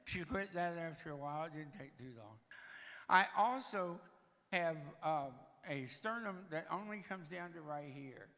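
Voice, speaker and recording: In a reverberant church sanctuary, a Tennessee man in his 60s tells humorous stories from his life at his own expense, breathing heavily and audibly. As a guest speaker, his voice is a little high, bright and forceful, animated yet measured in pace.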